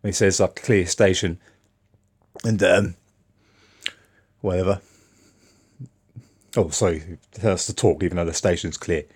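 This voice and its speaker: A man's voice: deep voice, fairly even intonation, normal speed, pauses often, darkish tone, slightly rough. A man telling a casual, rambling story to camera, full of fillers and restarts. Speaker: vlogger.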